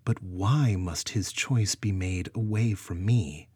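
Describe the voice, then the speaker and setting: A man's voice: deep voice, slow pace, a little mellow, breathy edge, dry recording, heavily acted. A man voicing a proud, commanding goddess queen who speaks sternly. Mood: regal, stern. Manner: stern, regal.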